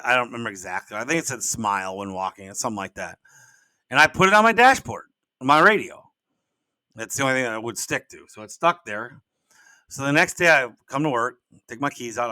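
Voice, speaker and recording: Bright-voiced older man telling folksy stories. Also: medium pitch, no echo. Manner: rambling, folksy, repeats words when restarting. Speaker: podcast host and business coach. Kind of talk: casual solo podcast storytelling.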